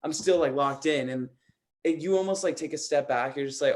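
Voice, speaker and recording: A young man with an everyday middle-pitched voice hosts a loose radio conversation. He sounds earnest and leans on "like" and "bro". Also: normal speed. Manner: earnest, says "like" and "bro" a lot. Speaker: radio show host. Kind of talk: casual chat.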